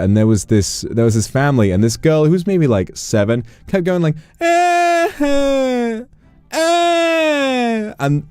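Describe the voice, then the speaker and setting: A man with a low, dark, mellow voice chatting on a livestream. He is playful and teasing and swings his pitch widely while telling stories. The sound is dry and close, as if right at a desk mic. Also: dry recording. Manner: playful, teasing, animated storyteller. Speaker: streamer. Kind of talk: casual livestream chat.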